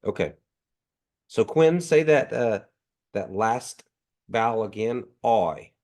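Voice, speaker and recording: A man teaching a language class online, patiently modeling each sound slowly; his voice is nasal from allergies, heard over a video call. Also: mid-range voice, lively intonation, a little mellow.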